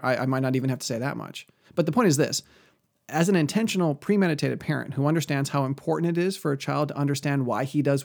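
Gravelly-voiced man teaching Christian parenting. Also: on the high side, darkish tone. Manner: earnest, conversational, scripture-quoting. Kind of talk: earnest religious teaching talk.

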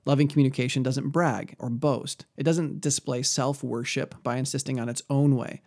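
A man's voice: mid-range voice, fairly even intonation, normal speed, creaky, a little mellow. A man giving an earnest, conversational Christian teaching on parenting, often quoting scripture. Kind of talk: earnest religious teaching talk.

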